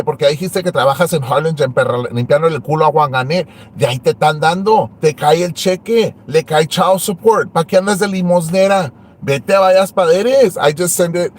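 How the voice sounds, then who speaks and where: Mocking man ranting. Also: sits high. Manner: taunting, insulting, switching between English and Spanish. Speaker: online show host. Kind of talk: ranting livestream talk.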